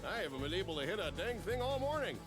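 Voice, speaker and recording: Male actor for a Canadian-accented cartoonish polar bear, whiny and folksy, animated delivery, faint game music behind. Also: high-pitched, quick pace. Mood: grumbling. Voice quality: folksy, complaining, says "eh". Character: grumbling male polar bear, would-be ice fisherman.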